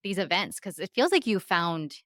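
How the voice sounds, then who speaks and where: A woman podcast host with a lowish voice, recorded dry and close. She chats casually, dropping in short playful remarks and easy follow-up questions. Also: big pitch swings, moderate pace, fairly bright tone, no echo. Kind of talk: casual interview chat.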